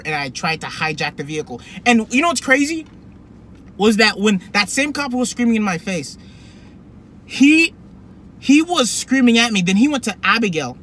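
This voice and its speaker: A young man telling a personal story to camera in a rambling, animated way, full of fillers and restarts. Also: high-pitched, a little hiss or hum. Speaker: vlogger. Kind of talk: casual storytelling.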